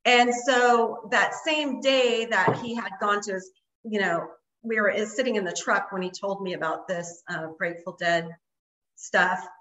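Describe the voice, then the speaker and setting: A woman's voice: medium pitch, measured pace, a bit bright, echoey room, low-quality recording. A woman guest telling a story in casual conversation, rambling with lots of fillers. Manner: rambling, many fillers like "like" and "you know". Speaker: interview guest.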